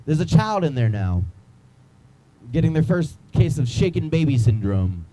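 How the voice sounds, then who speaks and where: A young man works a small club crowd with loose, wandering stand-up. His voice sits a touch high but sounds mellow and dark. He rambles and restarts, teasing the audience as he goes. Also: sing-song, moderate pace, poor audio. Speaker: stand-up comedian. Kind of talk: stand-up comedy with crowd work.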